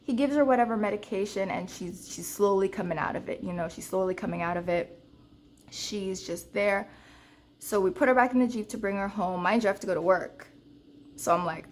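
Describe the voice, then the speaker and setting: A young woman vlogging about budgeting, telling a story to her viewers in an animated, casual way. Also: moderate pace, a little hiss or hum. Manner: counts cash in a low murmur.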